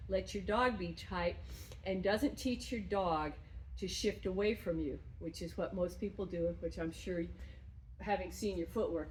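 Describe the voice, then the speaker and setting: A woman's voice: slight background noise, low-quality recording. Upbeat woman dog trainer giving a lesson. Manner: bursts into high excited praise while playing with the dog.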